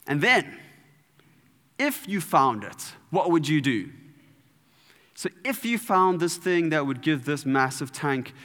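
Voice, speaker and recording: Animated, bright-voiced male preacher in a hall. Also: medium pitch. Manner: playful, animated, with sound effects. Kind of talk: sermon.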